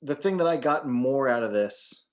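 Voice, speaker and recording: A man's voice: medium pitch, lively intonation, moderate pace. A man in his forties co-hosting a film podcast in casual chat, joking, swearing and rambling loosely. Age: 40s. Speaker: podcast co-host.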